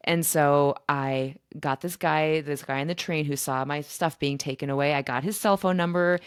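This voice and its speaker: A woman podcast host telling a personal story in a chatty, animated way. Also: low voice, normal speed, clear, resonant tone, no echo, clean studio sound. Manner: chatty and animated, with fillers and laughs. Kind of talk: casual storytelling monologue.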